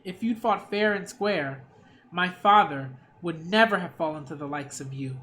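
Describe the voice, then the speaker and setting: A male actor voicing a furious young warrior bent on revenge, shouting bitterly in an anime dub. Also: on the high side, moderate pace, a little hiss or hum.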